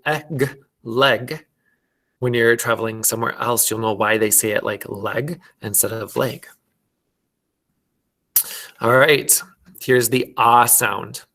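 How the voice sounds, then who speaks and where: A man's voice: medium pitch, level tone, gravelly, a bit bright. A man with a Minnesotan accent, teaching fourth graders an online class and patiently sounding out words. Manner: slow, patient, sounding out phonics.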